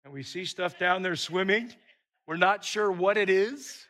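A man preaching a sermon, telling a personal story in a lively way and often repeating words. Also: sits high, a little slow.

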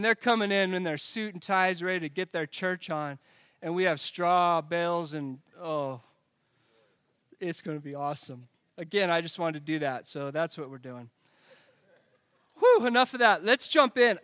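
A man's voice: high voice, fairly bright tone, clean tone, no room sound. A man preaching a sermon as a pastor, casual and joking, often correcting himself mid-sentence.

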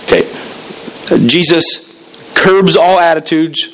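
A man preaching to a congregation, his pitch sitting a little above the usual for a man. He tells stories and jumps in and out of the voices of the people he quotes, his delivery lively and shifting. It sounds like a church service. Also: takes it slowly, slight background noise, low-quality recording. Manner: animated storytelling with acted quotes. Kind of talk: sermon.

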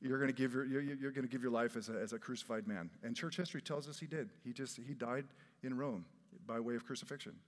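A man preaching a sermon in a church, earnest and animated, breaking into laughs and asides. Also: mid-range voice, fast. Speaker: pastor. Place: church sanctuary. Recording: long hall reverb.

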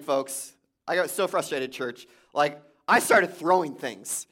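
Guy pastor preaching, kinda high voice, chatty storytelling, lots of restarts. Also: expressive, slow, fairly bright tone. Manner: conversational storytelling with many restarts. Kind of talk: sermon.

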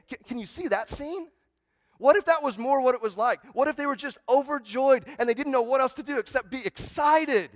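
A man preaching a sermon in a conversational way, often asking "right?" and repeating words, moving from hushed, reverent lines to loud, excited ones. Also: very high voice, brisk, no room sound. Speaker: pastor.

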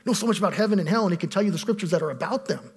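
A man preaching a sermon as pastor, animated, swinging between loud emphatic scripture reading and hushed asides. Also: high-pitched, very fast, breathy edge.

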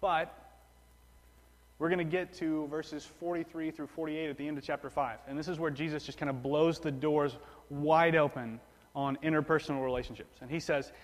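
With a steady tone and normal speed, a man delivers a sermon conversationally, repeating himself and restarting phrases as he goes. He's a pastor whose voice sits slightly high for a male, and each phrase is followed by a lengthy reverb from the hall.

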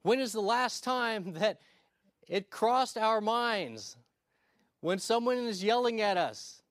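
A male pastor preaching a sermon, telling stories in a conversational way with quick asides and restarts. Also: high-pitched, expressive, fairly bright tone, no echo, studio quality. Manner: storytelling, conversational with quick asides and repeated starts.

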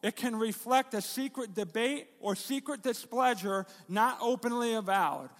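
High-voiced man preaching in a reverberant hall. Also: measured pace. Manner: conversational, self-deprecating preaching with jokes and rhetorical questions. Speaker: pastor. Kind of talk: sermon.

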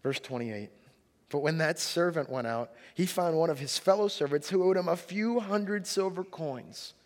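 A man preaches in a relaxed, talk-to-the-room way, his voice sitting fairly high for a man. He leans hard into quoted lines and punch lines. The sound rings with the long reverb of a large hall. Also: normal speed. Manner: conversational preaching, rising emphasis on quotes. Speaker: pastor. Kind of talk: sermon.

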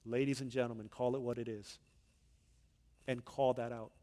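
A man preaching a sermon in a church, telling stories in an animated, conversational way. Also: mid-range voice, moderate pace, in a large hall. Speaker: pastor. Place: church sanctuary.

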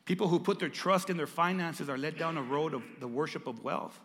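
A man's voice: a little high, fairly quick, a bit bright, big-room sound, a little hiss or hum. A male pastor preaching a sermon, dramatic and repeating lines for emphasis as he calls out to the congregation. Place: church.

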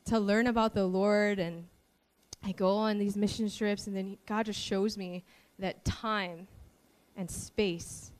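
A woman's voice: mid-range voice, slow pace. Earnest woman telling her faith story. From Hawaii. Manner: lively storytelling, acts out quoted voices. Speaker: speaker giving a testimony. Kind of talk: personal faith testimony.

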